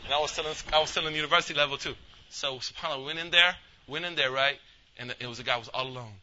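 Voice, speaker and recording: A male imam gives a casual religious talk in a storytelling style, acting out the people in his story and mixing street slang with Arabic religious phrases. His voice sits on the high side and is very fast, bright and forceful. The lo-fi recording sounds dull, with slight background noise.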